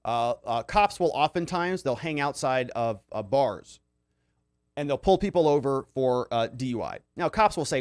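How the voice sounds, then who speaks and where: A man's voice: medium pitch, lively intonation, moderate pace, no room sound, clean studio sound. A man hosting a casual commentary livestream, reading viewer comments aloud and reacting in a loose, conversational way with many fillers. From Arizona. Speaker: livestream host reading chat.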